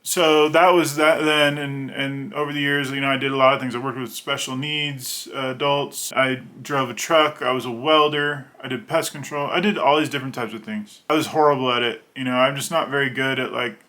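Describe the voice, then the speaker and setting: A man in his thirties with a bright, forward tone talks to the camera in a loose, rambling way. He slips into quick voices for the people in his stories, then drops back into easy, plain chat. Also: medium pitch, fairly even intonation. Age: 30s. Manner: rambling, conversational, acts out voices in anecdotes. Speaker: children's book illustrator. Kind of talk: personal storytelling to camera.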